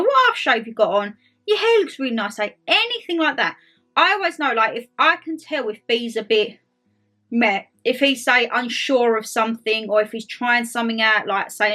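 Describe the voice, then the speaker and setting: A woman's voice: on the high side, sharp tone. A young woman chatting casually to camera, bubbly and talkative, full of quoted asides. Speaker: vlogger host. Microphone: tablet camera.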